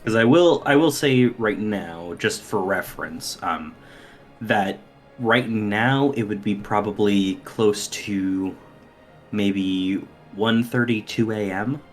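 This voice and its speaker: A man running a tabletop game as dungeon master, describing the scene in an unhurried way with frequent ums and uhs. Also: on the low side, soft background music.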